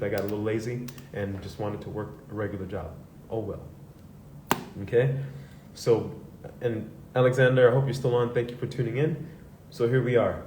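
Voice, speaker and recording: A man's voice: mid-range voice, a little mellow, slight background noise. A man as host, speaking candidly to a live audience in a loose, conversational way, with swearing and acted-out quotes. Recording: echoey room heard from a distance.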